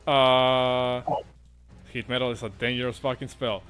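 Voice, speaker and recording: A man's voice: mid-range voice, little pitch movement, measured pace, fairly bright tone, clear, resonant tone. A man running a tabletop game as dungeon master, talking casually with many fillers and swearing often.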